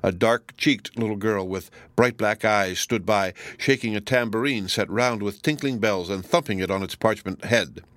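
Male narrator for a classic novel: low, measured, dry and close. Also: no echo. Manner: measured, even reading. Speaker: audiobook narrator. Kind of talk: scripted narration.

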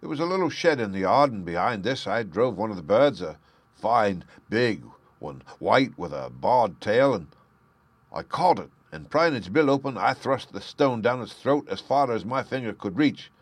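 A man's voice: fairly low pitch, lively intonation, moderate pace, dry recording. A man reading aloud plays a frightened young thief pouring out a pleading confession, his voice raised and urgent. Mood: anguished.

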